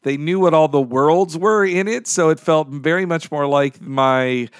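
An enthusiastic man chats as co-host of a podcast about old cartoons, laughing often and groaning for emphasis. His voice sits a little high for a man. The recording is close and dry, without room echo. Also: measured pace, clear, resonant tone. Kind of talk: casual chat about cartoons.

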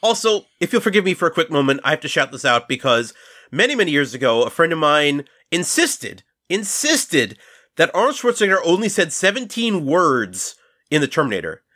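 Man, podcast host, casual movie chat, storytelling, bright, slightly high. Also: sing-song, a little fast. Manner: storytelling, addresses listeners.

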